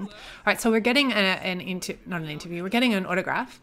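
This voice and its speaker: A young woman chatting casually as she comments on her life-simulation gameplay, excitable and joking as she reacts. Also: mid-range voice, fast talker. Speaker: gaming YouTuber.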